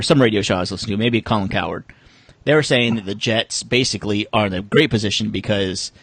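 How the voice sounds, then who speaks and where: Male podcast co-host, low and gravelly, dry mic, casual joke-teller. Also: a bit bright, no echo. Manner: joking, loose storytelling.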